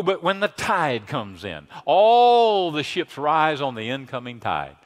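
A man preaching a sermon as pastor, emphatic, swinging from hushed lines to loud exclamations. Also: mid-range voice.

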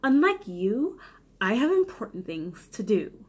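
A tipsy woman voicing a sharp-tongued, hostile teenage girl who snaps and sneers sarcastically. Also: a little high, very animated, a little slow, breathy edge, heavily acted. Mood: sneering. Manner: snapping, sarcastic.

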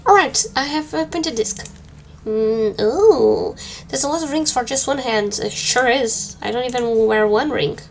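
A woman's voice: a little high, a little slow, vocal fry, a little hiss or hum. A woman streaming a game with casual, joking commentary and flustered muttering. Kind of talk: casual let's-play commentary.

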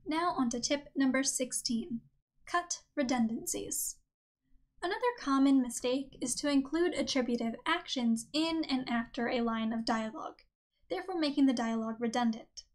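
A high-voiced woman hosts a writing-advice podcast, reading her script clearly and in a measured way. She reads examples aloud as she goes.

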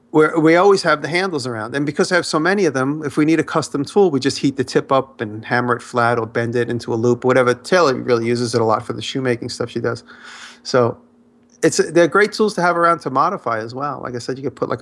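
A man co-hosting a podcast, telling a long, rambling story in casual chat, his voice jumping up in pitch when he gets excited. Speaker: podcast co-host.

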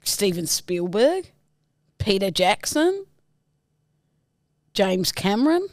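A woman co-hosting a podcast in casual chat, with dry, deadpan replies. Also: mid-range voice, slow pace, no room sound. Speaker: podcast co-host.

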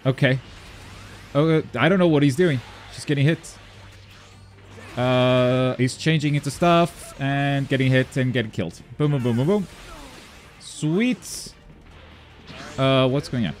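A man commentating his own online game as he plays, talking to himself, muttering asides and then yelping loudly when things go wrong. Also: mid-range voice. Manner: excitable, swings from mumbled asides to loud yelps. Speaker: gaming YouTuber. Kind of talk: live gameplay commentary.

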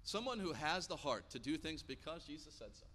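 Man, 30s, pastor, sermon, animated storyteller, bright tone, raised pitch, long church reverb. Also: a little fast. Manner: animated storytelling, acting out quotes. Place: church sanctuary.

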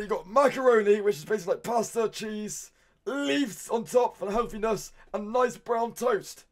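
Excitable British streamer, high lively voice. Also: male voice. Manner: excitable, loud outbursts, says "mate" constantly. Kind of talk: live-stream reaction commentary.

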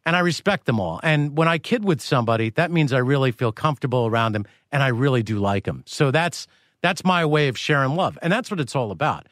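A man's voice: mid-range voice, lively intonation, a little fast, a bit bright, no room sound, studio quality. A man hosting a radio interview, telling playful, teasing stories. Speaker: radio show host.

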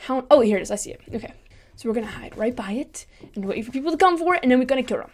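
A woman giving live gameplay commentary as a channel host, excitable and chattering to herself while taunting opponents. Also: on the high side, rapid-fire.

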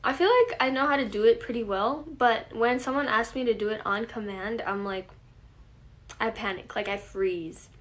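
A 21-year-old woman hosting a casual live stream, reading viewer comments aloud and answering them in a relaxed way. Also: on the high side, normal speed. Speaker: livestream host. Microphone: phone camera.

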